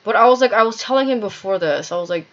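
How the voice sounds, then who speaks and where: A woman's voice: mid-range voice, expressive, fast talker. Agitated rambling woman, dull lo-fi audio. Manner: agitated, rambling, filler-heavy with frequent swearing. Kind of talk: rambling personal story to camera. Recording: dull lo-fi recording.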